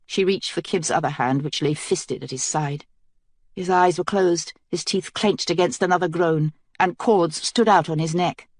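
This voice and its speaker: A woman narrating a fantasy audiobook in a measured, even storytelling manner. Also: sits low, dry recording, studio quality.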